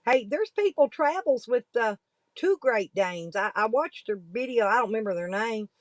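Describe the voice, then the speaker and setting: A woman's voice: a little high, animated, normal speed, no room sound, rough recording. A woman, talking casually and bluntly to viewers in a folksy, rambling way, with some cursing. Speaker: livestreaming vlogger.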